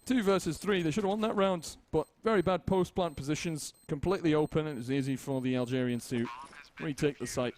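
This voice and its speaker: A man putting on a high-voiced co-caster. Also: brisk, few pauses, a little mellow, a little hiss or hum, close to an everyday voice. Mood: agreeing. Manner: higher pitched, put-on accent. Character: invented second caster Bob, adult man. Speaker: color commentator.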